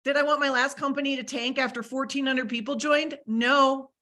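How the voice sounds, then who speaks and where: A middle-aged woman gives a motivational talk over a video call. Her voice is bright and forceful and sits a little high. She talks emphatically and keeps repeating her key points. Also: steady tone, moderate pace. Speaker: motivational speaker.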